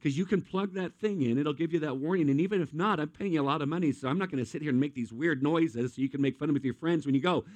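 Middle-aged male pastor, slightly high voice, dry close sound, preaches with easygoing self-mocking humor. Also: fast talker, few pauses, darkish tone, no echo. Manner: humorous self-deprecating storytelling. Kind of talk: sermon.

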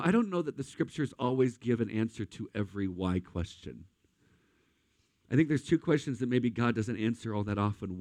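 A pastor with a lowish, slightly mellow voice preaches a sermon, recorded with no room sound. He tells a personal story with mounting emotion, speaking straight to his listeners and calling them guys and friends.

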